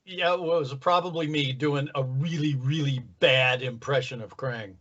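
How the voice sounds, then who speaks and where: A man being interviewed about his voice work, telling stories in a relaxed, self-deprecating way. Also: medium pitch, normal speed, dull audio. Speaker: voice actor guest. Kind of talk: casual interview.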